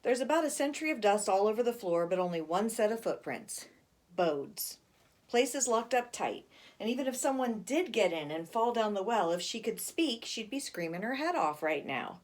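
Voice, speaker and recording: A woman's voice: medium pitch, big pitch swings, normal speed, close to an everyday voice. A woman voicing a bossy teenage big brother who talks in a scoffing, lecturing way.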